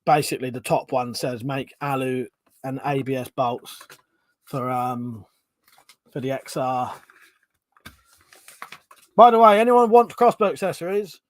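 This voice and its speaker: A man's voice: mid-range voice, a little slow, long pauses, no echo. A man with a British accent hosting a casual live stream, chatting sarcastically, swearing freely and reading out viewer comments. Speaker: livestream host.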